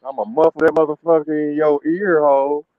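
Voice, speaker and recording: A man's voice: on the high side, level tone, a little fast, crowd noise. A man in casual chat, talking in loose, rambling street slang and laughing often. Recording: dull lo-fi sound.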